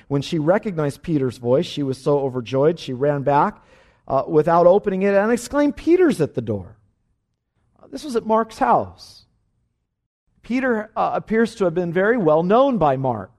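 A man, a pastor, teaching an evening Bible study in an emphatic, animated way, with frequent "uh" fillers. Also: fairly high pitch, moderate pace.

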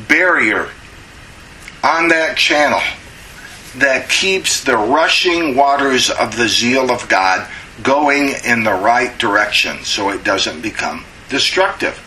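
A middle-aged man teaches a Bible study in a conversational sermon style, asking rhetorical questions and pausing with frequent "uh"s. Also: mid-range voice, sharp tone, slight background noise, poor audio.

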